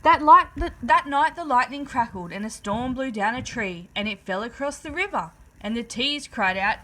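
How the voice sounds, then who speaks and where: A woman reads a rhyming children's picture book aloud. Her voice sits somewhat high and bright, and she bounces through the rhythm with an animated, swooping delivery. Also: moderate pace, few pauses, slight background noise, low-quality recording. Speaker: storyteller.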